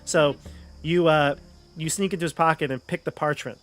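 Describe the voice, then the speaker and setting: A man narrating as game master of a tabletop role-playing game in a relaxed, casual way. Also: on the high side, normal speed, soft background music.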